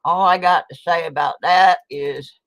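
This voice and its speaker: A woman hosts her livestream from a home setup in a folksy, chatty way, sometimes eating while she talks. Her delivery is unhurried and drawn out. The sound is dry and close on a desk microphone. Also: fairly low pitch, steady tone, no room sound. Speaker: host of a coin collecting livestream. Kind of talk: casual livestream chat.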